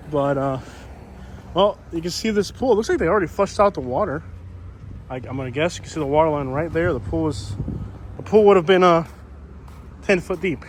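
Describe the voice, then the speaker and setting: A man's voice: a little high, a little fast, pauses often. Rambling man vlogging outdoors, filler-heavy. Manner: chatty, rambling with many fillers. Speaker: YouTuber. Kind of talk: walking vlog commentary. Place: outdoors on a storm-damaged street. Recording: faint outdoor street noise.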